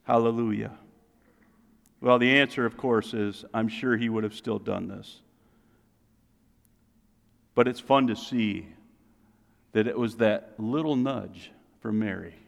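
A middle-aged man preaching a sermon as pastor, lively and joking, building to emphatic peaks. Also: lowish voice, measured pace, creaky, long pauses. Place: church sanctuary. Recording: long reverb of a large hall.

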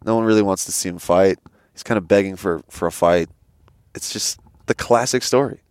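Speaking a little fast into a headset, this young co-host tells profanity-laced stories in a casual podcast chat, acting out the quotes as he goes. His low voice is clear and resonant, recorded as clean studio sound with no echo.

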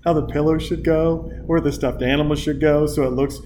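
Male host, casual storyteller, animated quoting, light room noise. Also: fairly high pitch, brisk. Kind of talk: casual chat.

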